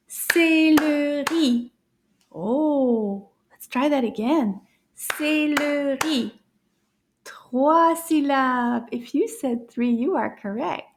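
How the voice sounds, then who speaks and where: A woman teaching words to children, modeling them slowly, praising the listener, and dropping into soft whispered asides. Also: fairly high pitch, a little hiss or hum. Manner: slow, drawn-out word modeling with frequent soft whispered asides. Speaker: French teacher for kids. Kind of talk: children's language lesson.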